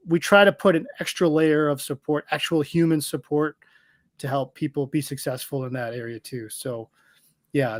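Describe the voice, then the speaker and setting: A man talking as a guest in a casual interview, walking through how his product works with confident, steady explanations. His voice sits a little higher than most men's and sounds dry and close, with no room echo. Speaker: software company guest.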